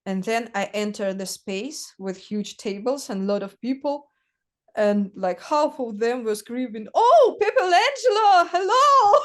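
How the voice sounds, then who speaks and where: Woman telling stories haltingly. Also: medium pitch, darkish tone. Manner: halting, searching for words, many fillers. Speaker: guest artist. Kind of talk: casual conversational storytelling.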